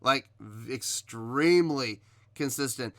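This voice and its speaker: A man hosting a reaction video, giving measured critique in casual talk, often pausing with ums and restarting his sentences. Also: mid-range voice, fairly bright tone, no echo, clean studio sound. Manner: hesitant, many ums and restarts. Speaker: reaction video host reviewing a singer. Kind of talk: casual spoken commentary.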